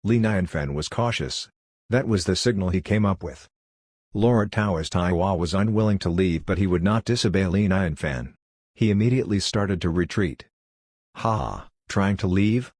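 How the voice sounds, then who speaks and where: A man reading a fantasy audiobook as narrator in a steady, even storytelling delivery. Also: deep voice, no echo, clean studio sound. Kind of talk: scripted narration.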